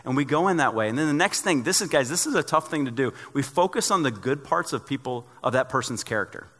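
A man's voice: mid-range voice, expressive, fast talker, a bit bright, long reverb tail. A male pastor preaching a sermon in a conversational way, mixing teaching with joking personal asides.

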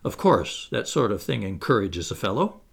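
A man's voice: lowish voice, very animated, normal speed, creaky, breathy edge, voice pushed down, heavily acted. A man reading the part of a cheerful, eager young aristocrat in a play, earnest and a touch pompous.

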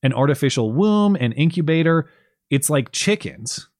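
A man's voice: a little high, animated, moderate pace, no room sound, studio quality. A man co-hosting a political commentary podcast, talking casually with sarcastic, wry asides. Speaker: podcast co-host.

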